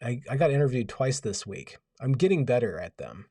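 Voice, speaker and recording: A man's voice: mid-range voice, sing-song, a little fast, mellow, no echo, clean studio sound, distant mic. A man hosting a casual livestream, rambling wryly and reading out viewers' comments. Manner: rambling, wry, reads out chat comments. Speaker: livestream host. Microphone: home audio setup.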